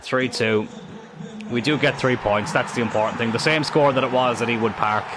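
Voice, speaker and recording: A young man commentating his own football game in casual let's-play style, excitable and thinking aloud, swearing freely. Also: mid-range voice, normal speed, noisy background.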